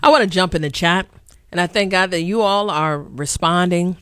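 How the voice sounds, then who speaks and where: Lady on talk radio, preachy, climbs into loud outbursts, dry close mic. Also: on the low side, normal speed, clear, resonant tone, dry recording. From Chicago. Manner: preachy, rising to sharp outbursts, repeats words. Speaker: radio talk show host. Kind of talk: impassioned talk radio commentary.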